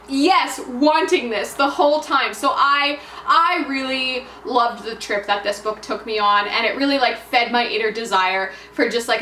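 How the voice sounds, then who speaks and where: A woman's voice: high-pitched, bright, forceful tone, a little hiss or hum. A young woman casually reviewing a book for her vlog, chatty and full of filler words, recorded a bit far off in an echoey room. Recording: echoey room heard from a distance.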